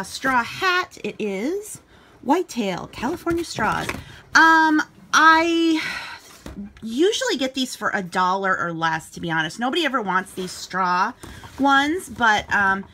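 A woman's voice: fairly high pitch, bright, forceful tone, slight background noise. A woman chatting casually in a vlog about her reseller sales, rambling a little and using fillers, recorded in a home basement. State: out of breath. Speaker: vlogger and eBay reseller.

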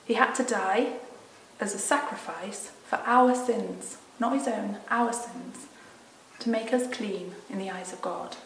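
A woman leading a Sunday school, reading a story aloud to children and then explaining it, mostly gentle and quiet. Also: medium pitch, unhurried, vocal fry, slight background noise. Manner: gentle and mostly quiet, lively in the exciting parts. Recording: roomy echo from a distant mic.

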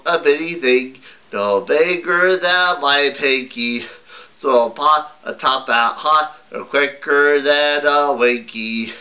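A man's voice: mid-range voice, bright, forceful tone, rough recording. A man voicing a bossy, showy young girl puppet, singing in a puppet musical.

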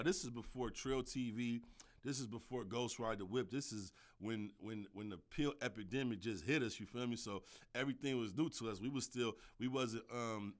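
A man telling a story on his podcast in a loose, slangy, animated way, with constant "you dig" and "you feel me" asides. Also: on the low side. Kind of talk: casual storytelling monologue.

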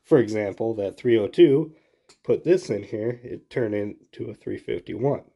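Man, nasal, stuffy from a cold, dark tone, casual how-to talk. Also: fairly low pitch, animated, measured pace, gravelly, lo-fi sound. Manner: folksy, hands-on explaining. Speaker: garage channel host. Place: home garage.

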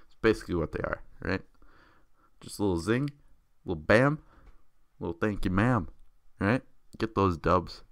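A sports vlogger with a low, deep voice goes on a loose football rant, swearing freely and swinging between excitement and mockery. He is recorded close up, with a dry sound and no room echo.

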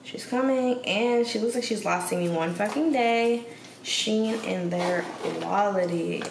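In a mid-range, gravelly voice and at a slightly slow pace, a woman talks straight to her viewers in an at-home vlog. She's chatty and sassy, leaning on slang. The sound is echoey and noisy, with the mic far away.

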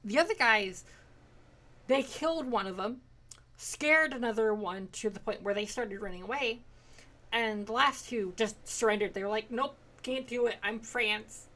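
A young woman casually recapping her tabletop game sessions, rambling and swearing freely as she acts out quick quotes. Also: on the high side, pushed and bright. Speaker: player recapping a tabletop campaign.

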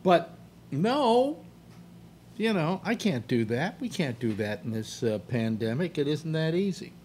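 A man's voice: on the high side, big pitch swings, measured pace, darkish tone, slight background noise. An older man hosting a talk show, rambling bluntly and grumbling through restarts. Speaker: radio talk show host. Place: apartment.

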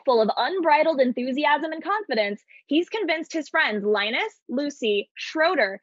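A woman hosting a video chat interview, bubbly and quick to laugh. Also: sits high, a bit bright, no echo, lo-fi sound. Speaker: interview host.

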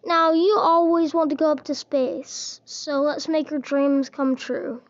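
A woman's voice: sits high, fairly even intonation, unhurried, no echo, highs cut off. A woman giving casual, playful gameplay commentary, teasing and chatting to the characters in her game. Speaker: gaming video host.

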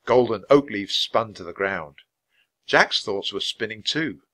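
Guy reading a kids book out loud, bright voice, bouncy pitch, steady easy pace. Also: a little slow. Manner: reads at a natural, even speed for language learners; jumps higher and louder for the characters' lines. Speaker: storybook reader. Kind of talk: read-aloud children's book narration.

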